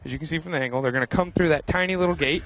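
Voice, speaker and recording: A man with a high voice calls out race cars as they roll by, upbeat and quick to name each driver. He's recorded outdoors beside the garages, with engines and track noise loud around him. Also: low-quality recording. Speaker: host. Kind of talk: trackside commentary.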